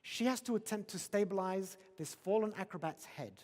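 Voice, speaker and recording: Giving an inspirational keynote in a big conference hall, a man presses his points hard and repeats his central questions. He speaks fairly quickly in a high, slightly mellow voice, wrapped in the long reverb of the large room.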